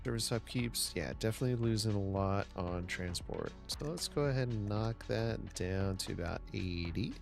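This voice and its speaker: A man's voice: fairly low pitch, gravelly, faint music behind. A man casually talking through his city-building gameplay, muttering to himself as he builds. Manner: slow, muttering narration of his own moves. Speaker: gaming streamer.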